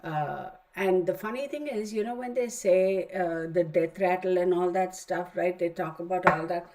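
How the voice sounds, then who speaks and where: Middle-aged Texan woman host, lowish voice, chatty, rambling, lots of ums. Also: normal speed, a little mellow. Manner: rambling, storytelling, many fillers. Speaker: tarot channel host. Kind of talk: casual livestream chat.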